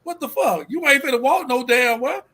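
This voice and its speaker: A man co-hosting a podcast, talking loudly and emphatically with lots of swearing. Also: very high-pitched, normal speed. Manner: loud, emphatic, repeats "so guess what". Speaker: podcast co-host. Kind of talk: casual chat.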